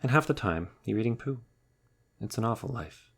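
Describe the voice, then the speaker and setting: A man's voice: mid-range voice, animated, moderate pace, vocal fry, breathy edge, pitched above the performer's own voice. A man voicing a grumpy, indignant male rabbit in a storybook reading. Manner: sulky, exclaiming, indignant. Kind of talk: storybook character voice.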